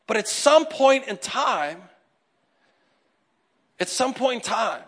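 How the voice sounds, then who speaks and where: Bright, high-voiced preaching man. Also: slow. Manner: animated preaching, swinging from hushed asides to loud, excited peaks; acts out quoted voices with comic exaggeration. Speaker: pastor. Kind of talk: sermon.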